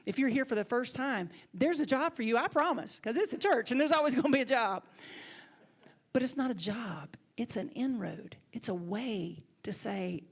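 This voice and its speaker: Preaching a sermon, a middle-aged woman minister with a Southern accent tells lively stories, sometimes lowering to gentle, hushed tones. Her voice runs on the high side at a normal speed.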